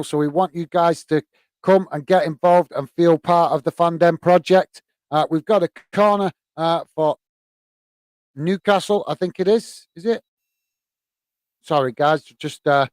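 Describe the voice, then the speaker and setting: A man's voice: a little high, no echo. A man hosting a live football watch-along from the UK, describing play and chatting with viewers, hesitant with many fillers. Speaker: host. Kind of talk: live match commentary and chat.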